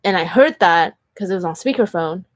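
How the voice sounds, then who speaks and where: A woman vlogger with a lowish, expressive voice tells personal stories a little fast, in a dry recording. She's chatty, earnest, and candid, leaning heavily on "like" as a filler.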